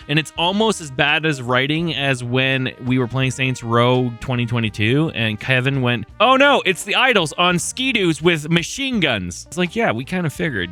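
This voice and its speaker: A man's voice: medium pitch, fairly bright tone. A man with a speech impediment commenting casually over gameplay, rambling with joking asides. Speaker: gaming video host. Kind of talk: casual let's-play commentary.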